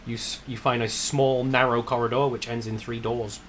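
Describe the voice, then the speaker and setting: A man narrating and running a tabletop game as game master, briskly giving rules and describing the scene. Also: mid-range voice, little pitch movement, a bit bright, a little hiss or hum.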